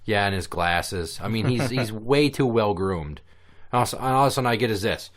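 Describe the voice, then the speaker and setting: A man hosting a casual podcast, telling stories in an animated, profane way. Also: fairly low pitch, moderate pace. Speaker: podcast host.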